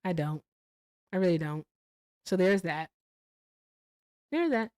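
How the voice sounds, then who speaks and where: A woman hosting a casual livestream, telling stories in a profane, animated way with sudden jumps in pitch. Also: slow, no room sound, low-quality recording. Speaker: livestream host.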